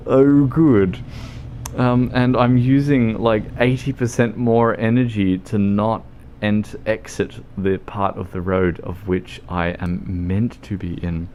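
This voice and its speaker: A low-voiced Australian man rambles through a relaxed stream of gameplay commentary at an unhurried, drawn-out pace. He jokes around and swears freely. A faint hiss sits under his voice. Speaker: livestreamer. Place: home streaming setup.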